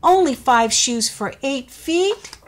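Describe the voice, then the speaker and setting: A woman's voice: high-pitched, expressive, slow pace, pitched above the performer's own voice. A woman voicing a forgetful little male spider who frets about his lost shoes, reading a storybook aloud. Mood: fretful. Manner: worried, fussing.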